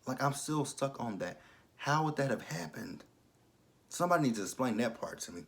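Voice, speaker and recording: A young man gives a loose, swearing recap of a TV episode. He laughs often and jumps into the characters' lines with a lot of energy, in a voice of ordinary pitch for a man. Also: animated, moderate pace, creaky. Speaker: TV episode reviewer. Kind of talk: casual recap and commentary.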